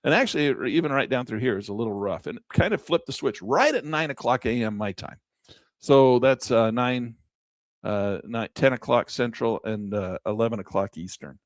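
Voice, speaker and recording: A man teaching day trading over a chart in a folksy, excitable way, with a dry close mic. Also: medium pitch, moderate pace, no echo. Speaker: trading instructor. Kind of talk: screen-share trading lesson.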